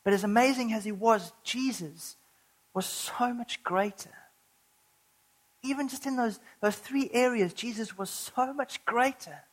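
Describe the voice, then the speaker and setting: A woman's voice: on the high side, low-quality recording. Earnest woman preaching a sermon. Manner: earnest, builds to urgent emphatic stretches, slows for scripture.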